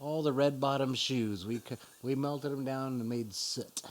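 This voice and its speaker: A man co-hosting a podcast, trading quick deadpan jokes and telling lively stories in casual chat. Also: mid-range voice, a little hiss or hum. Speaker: podcast co-host. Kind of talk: casual chat, joking banter.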